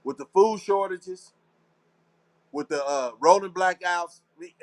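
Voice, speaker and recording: Speaking slowly in a high voice, a man from Texas hosts a casual live talk show. He rambles to his listeners in slangy, preachy, conspiratorial fashion and keeps repeating phrases.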